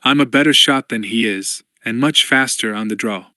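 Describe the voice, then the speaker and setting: A man's voice: medium pitch, moderate pace, sharp tone, dry recording, clean studio sound, lightly acted. A man voicing a confident young male pilot who talks in a breezy, self-assured way in an audiobook.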